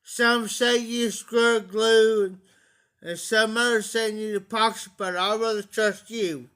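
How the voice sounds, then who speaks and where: A man's voice: high-pitched, steady tone, measured pace, sharp tone, clean tone. A man hosting a casual livestream, talking anxiously to viewers, pleading for help and repeating himself. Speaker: livestream host.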